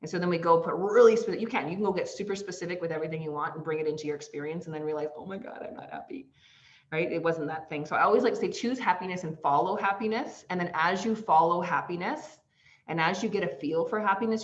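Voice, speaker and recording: Leading an online masterclass, a female coach talks fast and animatedly, acting out the phrases she quotes and laughing often. Her voice is slightly low, and the recording sounds somewhat dull and lo-fi.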